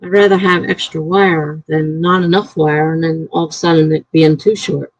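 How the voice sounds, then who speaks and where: A woman writer chatting casually on her live stream, rambling and thinking out loud. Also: low voice, fairly even intonation, normal speed, dry recording. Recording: dry, slightly dull lo-fi mic.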